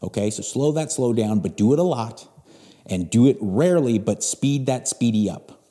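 A man's voice: medium pitch, expressive, moderate pace, dark tone. A man in his forties hosting a podcast, giving a blunt, emphatic motivational talk and swearing freely. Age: 40s. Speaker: podcast host. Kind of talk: motivational monologue.

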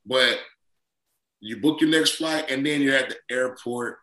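A man, a former football player co-hosting a casual sports podcast, telling lively stories and acting out quotes. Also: unhurried, roomy sound, low-quality recording. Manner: animated storyteller, acts out quotes in a higher voice, laughs often.

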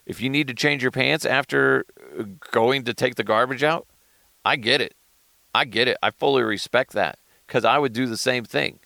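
A man hosting a podcast in casual, profane solo commentary, swinging between loud outbursts and mumbled asides. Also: medium pitch, moderate pace, creaky, no room sound. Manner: animated, profane, jumps between shouting and mumbling. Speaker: podcast host.

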